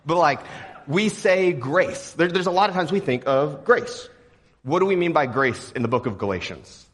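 A young man from Texas preaching a sermon in a relaxed, joking, conversational way. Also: a little high, a little fast. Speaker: pastor.

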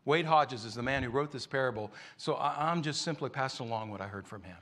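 A man's voice: medium pitch, quick pace, a bit bright. A man preaching a sermon, telling a story in a conversational way.

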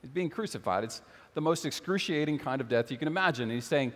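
A man preaching in a church with a slightly high voice, earnest and searching, often repeating a phrase to drive it home. His words ring out with a long reverb from the hall around him. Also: lively intonation, fast, few pauses. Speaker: pastor. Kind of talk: sermon.

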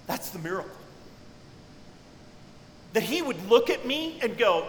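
High-voiced preacher in a reverberant hall. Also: male voice, sing-song, unhurried, slight background noise. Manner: dynamic preaching, dropping to hushed tones then rising to cries. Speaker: pastor. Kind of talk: sermon. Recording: echoey hall with long reverb.

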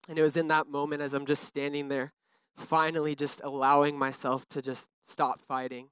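A man's voice: a little high, level tone, moderate pace, fairly bright tone, clear, resonant tone, dry recording. A young man giving an earnest, casual personal testimony, full of fillers. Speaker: speaker sharing a testimony.

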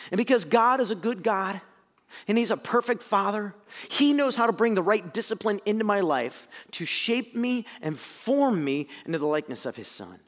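A male pastor preaching a sermon in a conversational, animated way, swinging between loud emphasis and quiet asides in a church sanctuary. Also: very high voice. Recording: long hall reverb.

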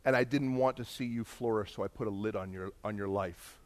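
A man voicing a remorseful male senior pastor, a former police officer, confessing in a hushed, earnest way. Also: fairly low pitch, brisk, pitched below the performer's own voice, natural voice.

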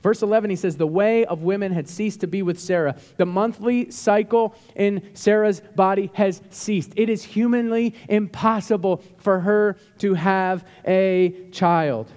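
A man preaching a sermon as a pastor, animated and emphatic, with bursts of rising intensity. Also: high voice, measured pace, hardly any pauses. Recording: long hall reverb.

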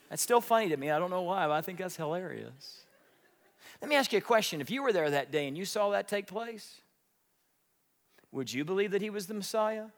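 A man preaching a sermon, telling stories with big swings, shouting at the high points and dropping to a whisper. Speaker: pastor. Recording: long hall reverb.

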